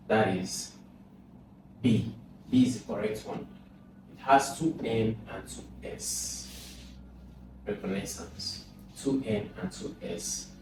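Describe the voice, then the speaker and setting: Tutor guy explaining exam english, voice far off the mic, lots of hiss. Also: mid-range voice. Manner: explains step by step, repeats words, asks questions aloud. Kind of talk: recorded lesson. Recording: very echoey room, distant mic, noisy.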